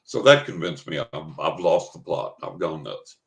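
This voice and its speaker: An older West Texas man, a guest in an interview, tells a story vividly and dramatically, acting out his own thoughts. His voice is very deep, gravelly, a bit bright and animated, at a moderate pace, in a roomy, echoey recording.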